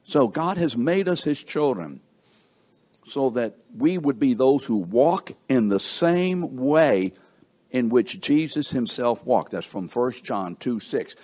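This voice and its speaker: A middle-aged man preaching a sermon, slow and emphatic, asking the congregation rhetorical questions. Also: expressive. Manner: slow, emphatic preaching with wide swings in pitch and volume.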